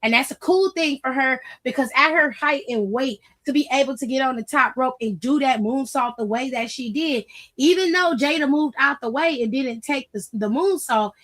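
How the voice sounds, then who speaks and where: A young woman streaming a casual wrestling recap, blunt, profane and animated, chatting with her viewers. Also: high voice, normal speed. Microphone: streaming mic.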